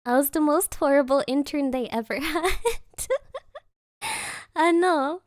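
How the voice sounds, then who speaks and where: A woman's voice: sits high, a little slow, no echo, clean studio sound. A young woman VTuber streamer from Germany, telling a story in casual chat, giggling mid-sentence and dropping Japanese interjections.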